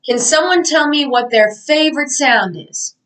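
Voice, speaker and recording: A young woman leads a pretend class of children, her voice light and fairly high. She talks in an upbeat, sing-song teacher manner, drawing out instructions slowly. The mic sits a bit away from her. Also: a bit bright, distant mic, poor audio. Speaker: college student teaching a mock class. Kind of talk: mock classroom lesson for children.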